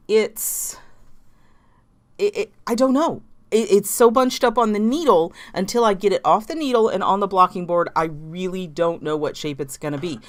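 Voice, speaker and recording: A woman with a Southern accent, a knitting vlogger chatting casually about her projects, rambling with restarts and small laughs. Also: mid-range voice. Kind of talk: casual chat.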